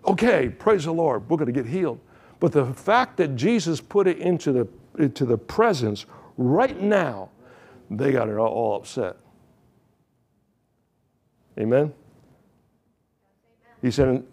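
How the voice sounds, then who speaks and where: A pastor preaching a sermon, reading scripture and retelling it with joking asides. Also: male voice, on the high side, expressive, measured pace, pauses often, darkish tone, breathy edge.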